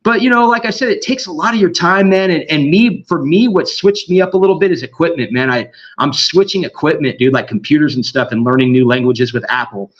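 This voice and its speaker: A man with a high, bright voice talks in a loose, rambling podcast chat, piling on slang and restarts. The sound is dull and lo-fi, like a muffled call-in feed. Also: brisk, hardly any pauses. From Southern California. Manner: excited, rambling, slangy, mimics others in quoted voices. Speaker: guest. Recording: dull lo-fi audio.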